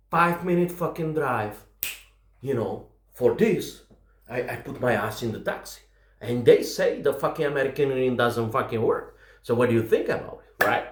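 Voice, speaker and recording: A man's voice: mid-range voice, reverberant. A man with a Russian accent doing stand-up, telling rambling, profane stories in broken English. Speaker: stand-up comedian. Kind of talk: stand-up storytelling.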